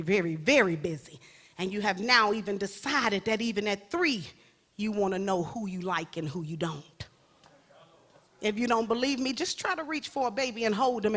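A woman's voice: medium pitch, bright, forceful tone. A woman evangelist preaching a sermon, rising to emphatic peaks and dropping into playful asides to the congregation.

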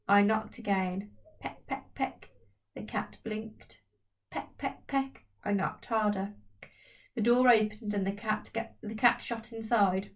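A woman narrating a children's novel aloud in a steady, lightly expressive reading voice. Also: mid-range voice, unhurried, far from the mic. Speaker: audiobook reader. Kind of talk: storybook narration.

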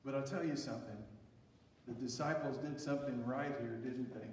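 A man's voice: mid-range voice, brisk, a little hiss or hum. A man preaching a sermon as pastor, rising and dropping for emphasis as he reads and explains scripture. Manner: preaching with emphatic rises and drops. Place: church sanctuary. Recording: echoey hall, voice from far off.

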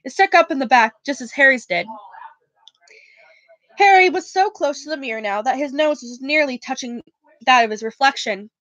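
A woman reads a novel aloud in a casual, unpolished way, stumbling and restarting now and then. Her voice is high and bright. The sound is close and dry. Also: moderate pace, pauses often, no echo, dull audio. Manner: casual reading with slips and restarts. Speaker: reader.

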